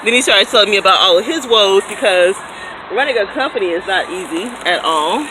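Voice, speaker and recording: Thirties woman, casual animated vlogger, phone at arm's length outdoors, loud ambient noise. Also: mid-range voice, a little fast. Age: 30s. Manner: chatty, animated, laughs often. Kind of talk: casual vlog chat. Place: outdoors in a city, by a fountain, then in a car. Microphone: phone held at arm's length. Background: street ambience, fountain, traffic.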